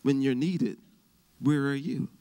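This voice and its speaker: A man's voice: mid-range voice, slow, gravelly, warm tone. A male pastor preaching a sermon, asking his congregation questions and acting out the Bible voices as he tells them. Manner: acts out Bible voices in the telling.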